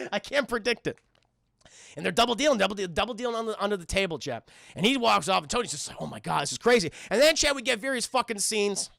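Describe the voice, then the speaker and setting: A man with a New York accent giving a rapid, profane, animated film recap to his livestream chat. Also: high voice, gravelly, dry recording, clean studio sound. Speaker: film review streamer.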